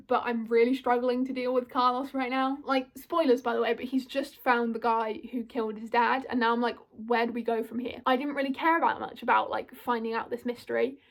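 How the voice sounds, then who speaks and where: A young British woman talking casually through a fandom video essay, chatty and full of apologetic asides. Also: high voice. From United Kingdom.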